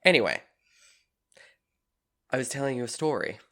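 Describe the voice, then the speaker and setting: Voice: mid-range voice, expressive, moderate pace, fairly bright tone. A young adult podcast co-host who tells a story in a put-on Southern US accent, laughs often and swears now and then. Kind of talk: casual storytelling chat.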